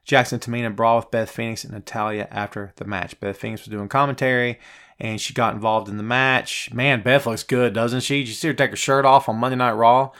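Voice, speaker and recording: A talkative male host running a live wrestling review. He speaks at a middle pitch, mixing opinions with direct replies to viewers he calls by name. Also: fairly even intonation, fairly quick, fairly bright tone, clean tone. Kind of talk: live show answering viewer chat.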